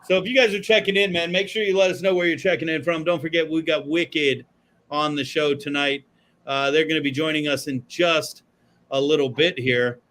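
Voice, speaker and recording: A man's voice: a little high, fairly even intonation, a little fast, a bit bright. A man co-hosting a casual talk show, telling profane, laid-back stories from a studio. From Florida. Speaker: podcast co-host. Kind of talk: casual chat.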